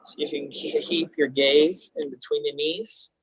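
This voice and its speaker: A man guiding a yoga class through postures and breathing, with calm, slow spoken cues and spiritual phrasing. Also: fairly high pitch, vocal fry, breathy edge, no echo, poor audio. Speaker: yoga instructor. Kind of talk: guided yoga class instruction.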